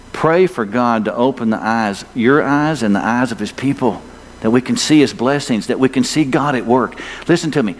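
A male pastor preaching a sermon, emphatic and full of rhetorical questions for the congregation. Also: medium pitch. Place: church sanctuary. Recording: long hall reverb.

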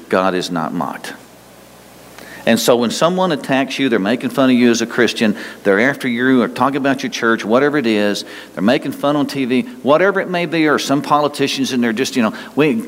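Emphatic folksy male preacher in a reverberant hall. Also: lowish voice. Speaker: pastor. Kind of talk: sermon.

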